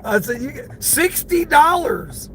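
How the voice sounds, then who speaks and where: A man's voice: very high-pitched, animated, unhurried, a bit bright, a little hiss or hum. A middle-aged man, a delivery driver, telling a story to his viewers from his car, laughing often and talking to them by name. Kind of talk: casual storytelling while driving.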